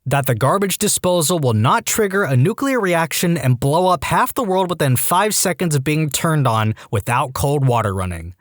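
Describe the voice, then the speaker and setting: A man narrating a podcast, reading internet posts aloud in an expressive voice that swings widely in pitch. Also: moderate pace, few pauses, no room sound, clean studio sound.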